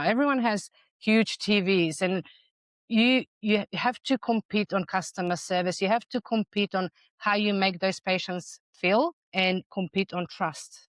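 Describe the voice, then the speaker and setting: A woman's voice: medium pitch, no echo. A middle-aged woman speaking as a podcast guest, explaining her ideas in a persuasive, emphatic way. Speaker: guest, dental practice management consultant. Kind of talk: conversational interview.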